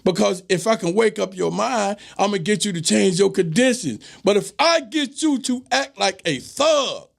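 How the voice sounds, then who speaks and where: A man's voice: sits high, lively intonation, normal speed, vocal fry, few pauses. A man hosting his own talk show, giving an emphatic commentary monologue and repeating phrases for stress. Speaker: show host. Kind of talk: direct-to-camera commentary monologue.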